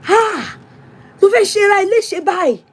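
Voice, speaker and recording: A woman acting out her alarmed husband in a rapid, exclaiming, high-pitched voice. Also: sing-song, a little mellow. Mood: scolding. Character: alarmed husband scolding his wife.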